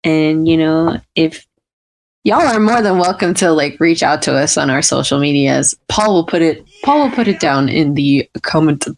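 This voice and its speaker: A woman's voice: deep voice, animated, moderate pace. A woman co-hosting a casual chat podcast, talking freely with lots of filler words. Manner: chatty, many fillers like "like" and "you know". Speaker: podcast co-host.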